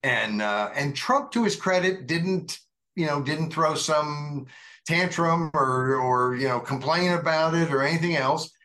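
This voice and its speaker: A man chatting about politics on a talk show, his voice bright and forward. He talks conversationally, circling back with plenty of "uh" and restarts. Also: fairly high pitch, unhurried. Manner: conversational, meandering with frequent fillers. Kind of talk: casual political discussion.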